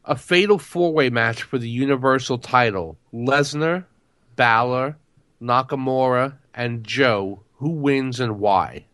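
A man's voice: medium pitch, slow, fairly bright tone, no room sound. A man co-hosting a wrestling podcast, reading listener questions and cracking dry jokes. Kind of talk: casual wrestling chat.

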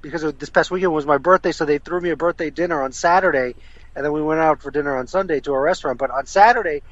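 A man from South Florida calling in to a talk show, telling stories in a halting, rambling way. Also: a little high, no room sound. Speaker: caller. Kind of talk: casual chat. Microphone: phone call. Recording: dull, dry phone-in line.

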